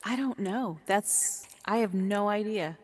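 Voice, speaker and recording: A woman speaking as an interview guest in casual chat, warm and animated and quick to laugh. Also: mid-range voice, a little hiss or hum. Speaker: guest, VR sport caster. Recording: long echoey reverb.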